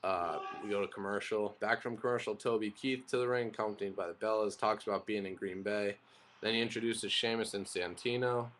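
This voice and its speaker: A man's voice: lowish voice, fairly even intonation, brisk, fairly bright tone. A young man casually recapping and reviewing a wrestling broadcast, rambling and opinionated, with frequent fillers and restarts.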